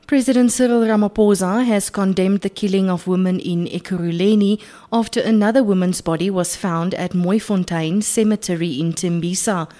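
A woman's voice: fairly low pitch, warm tone. South African radio newsreader woman. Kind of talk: news bulletin and studio banter. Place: radio studio.

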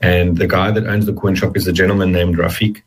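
A middle-aged man being interviewed, telling his story earnestly with halting restarts, emotional and close to tears. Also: low-pitched, little pitch movement, slightly rough, poor audio. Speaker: interview guest. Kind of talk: personal testimony in an interview.

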